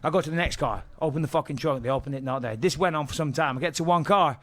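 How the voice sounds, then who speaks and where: English man, thirties, podcast guest, storytelling, heavy swearing, animated, slightly high voice. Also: quick pace. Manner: profane, animated, repeats phrases when excited. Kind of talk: casual storytelling.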